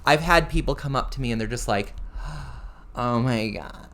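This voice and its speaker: A man's voice: mid-range voice, normal speed, pushed and bright. A man who performs as a drag queen, telling sassy, campy stories as a guest in a casual podcast chat.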